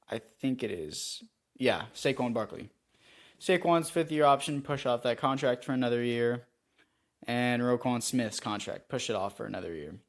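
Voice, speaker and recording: A young man giving rambling, self-critical commentary over a football video game, with frustrated outbursts. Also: mid-range voice. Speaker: gaming YouTuber. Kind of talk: gameplay commentary.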